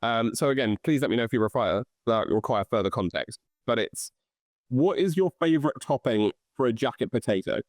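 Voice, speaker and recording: A British man hosting a podcast, rattling through his words at a brisk clip and restarting phrases as he goes. His pitch sits mid-range, and the sound is close and dry with no room echo. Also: animated. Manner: quick, restarts phrases often. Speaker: podcast host. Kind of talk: casual podcast chat.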